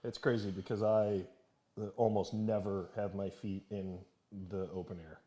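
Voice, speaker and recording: A man's voice: fairly low pitch, moderate pace. Laid-back man teasing as co-host. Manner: relaxed, teasing, laughs often. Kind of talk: casual live-stream chat. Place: home.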